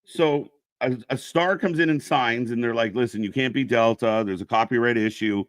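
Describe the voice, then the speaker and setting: A man's voice: medium pitch, normal speed, dry recording, clean studio sound. A man co-hosting a live wrestling fan stream, bantering casually, joking and swearing as he reads out the chat. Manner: joking, profane, laughs loudly.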